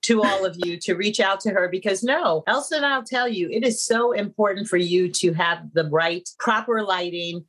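A woman's voice: mid-range voice, normal speed, few pauses, a bit bright, slight background noise, rough recording. A woman hosting an interview show, effusive and emphatic as she praises and introduces her guest. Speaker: host.

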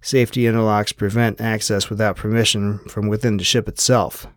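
A tough, determined woman agent barks short orders in a clipped, no-nonsense way, as a male narrator puts her on. Her lines come in a lowish, tight register. The sound is close and dry. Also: flat delivery, a little fast, no echo, natural voice.

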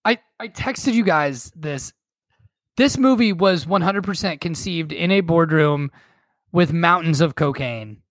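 A man's voice: fairly high pitch, expressive, unhurried, fairly bright tone, no room sound. A young man co-hosting a casual podcast, wry and jokey, laughing often. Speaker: podcast co-host. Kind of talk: casual chat.

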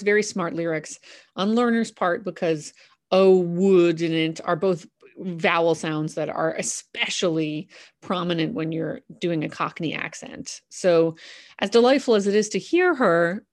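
A woman's voice: lowish voice, vocal fry. A woman host talking through a musical's songs in a casual, enthusiastic and chatty way, with fillers. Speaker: podcast host analysing a musical. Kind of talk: casual analytical commentary.

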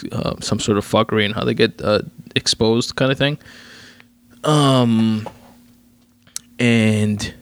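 A man's voice: lowish voice, gravelly. A young man hosting his own podcast, ranting casually about a movie, swearing freely, with lots of fillers and restarts. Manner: profane, rambling, many fillers and restarts. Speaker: podcast host. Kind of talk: casual solo podcast rant.

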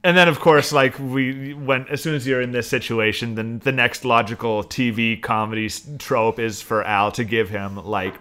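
Bright-voiced man in casual chat. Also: mid-range voice, normal speed, few pauses, clear, resonant tone. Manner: animated, laughing, acts out quoted lines. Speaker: podcast co-host. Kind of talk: casual chat recapping a TV episode.

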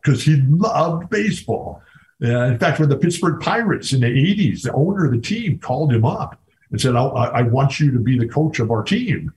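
A man's voice: medium pitch, a little mellow, low-quality recording. An older man, a former college basketball player, talking as a guest in a casual interview, telling enthusiastic stories with many restarts.

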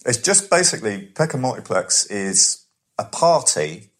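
A man tells anecdotes in an easygoing podcast chat. His pitch sits in the middle of the usual range for a man, and he slips into quick impressions of the people in his stories. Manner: animated storyteller, acts out other people's voices. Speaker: comedian guest. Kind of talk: casual chat, telling stories.

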